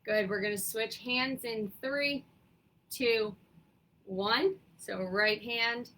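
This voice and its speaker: A young woman leading a seated exercise class, with a raspy morning voice, counting down and giving encouraging cues. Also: on the high side, takes it slowly, bright, forceful tone, low-quality recording. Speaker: fitness instructor.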